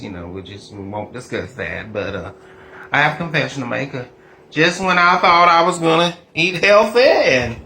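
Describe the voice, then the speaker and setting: A man, hosting a casual comedic home baking vlog and jumping between low mutters and loud high exclamations. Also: slight background noise. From New York. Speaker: home baker vlogger. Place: home kitchen.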